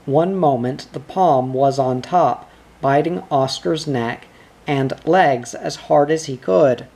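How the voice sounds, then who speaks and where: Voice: medium pitch, takes it slowly, darkish tone. A narrator reading a children's storybook aloud.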